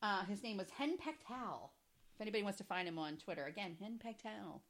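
A woman's voice: mid-range voice, lively intonation, a little fast, fairly bright tone. Laughing, foul-mouthed woman podcast host. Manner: swearing, laughing storyteller. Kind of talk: casual chat.

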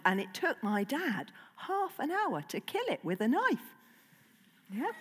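A woman speaks to a hall full of children, her voice sitting a little high and swooping up and down as she tells stories. She keeps turning to the audience with questions, and a long echo from the big hall trails after her words. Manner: animated storyteller who asks the audience questions. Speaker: children's author giving a school talk. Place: large hall. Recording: long reverb from a large hall.

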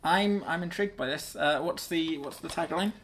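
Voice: medium pitch, moderate pace, fairly bright tone. A podcast co-host in casual comedy chat, dry and curious, setting up the jokes.

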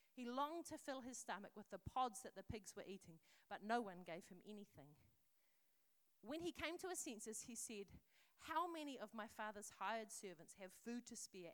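A woman's voice: medium pitch, a bit bright. A woman preaching a sermon, earnest and conversational, reading scripture aloud in a storytelling voice.

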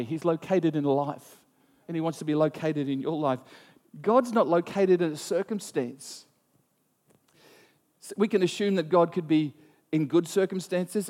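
A man preaching a sermon, telling a story in an animated way with frequent restarts. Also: a little high, big-room sound. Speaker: pastor.

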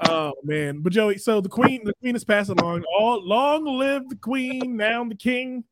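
High-voiced man laughing through banter. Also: unhurried, heavy background noise. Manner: laughs often, teasing. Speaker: podcast co-host. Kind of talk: casual podcast banter. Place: studio.

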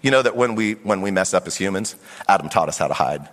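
A middle-aged man preaching a sermon as pastor, animated and acting out voices of Bible figures. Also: low-pitched, fast. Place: church sanctuary. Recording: long hall reverb.

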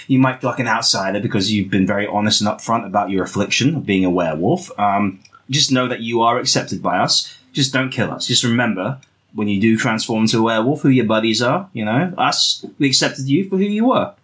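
A man's voice: fairly low pitch, fairly quick, a bit bright. A man hosting a comedy podcast, teasing the guests and steering a casual group chat. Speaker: podcast host.

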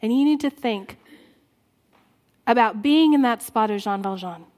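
A woman preaching a sermon in church, earnest and exhorting, dropping soft and low at times. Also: a little slow. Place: church sanctuary.

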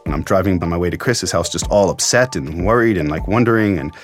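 Deep voiced guy telling a story, earnest, kinda emotional, faint music behind. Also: fast. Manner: earnest, reflective, emotional retelling. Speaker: journalist recounting a story. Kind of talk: storytelling interview.

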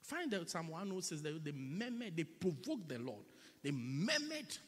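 A man preaching a sermon in a church, swinging between loud, drawn-out lines and hushed whispers, repeating words for effect. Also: a little high, sing-song, slightly rough. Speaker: pastor. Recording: echoey church hall.

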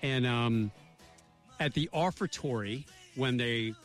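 A man's voice: mid-range voice, soft background music. A middle-aged man co-hosting a radio show, telling jokey stories in casual banter and reading sponsor spots. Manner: jokey storyteller, quick ad reads. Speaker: radio co-host.

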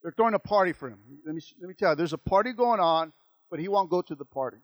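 A man, preaching a sermon in a high-pitched voice. He repeats phrases and calls out to the congregation. The sound is dry and close, with no room echo. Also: animated, fast talker. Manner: preaching with call-outs and repetition. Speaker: pastor.

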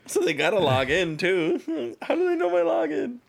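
A man's voice: extremely high pitch, huge pitch swings, moderate pace, creaky, a crowd in the background. A man co-hosting a podcast in casual chat, talking with lots of fillers and laughing often. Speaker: podcast co-host.

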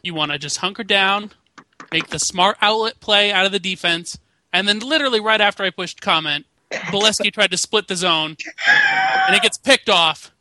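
A man's voice: high-pitched, normal speed, bright, forceful tone. A man co-hosting a casual podcast, ranting and swearing. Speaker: podcast co-host. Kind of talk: casual chat.

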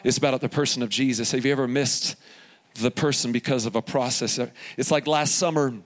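A man in his forties preaching a sermon at a live event, telling stories with humor and lively asides. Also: mid-range voice, a little fast. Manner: animated storytelling with asides and humor. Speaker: pastor.

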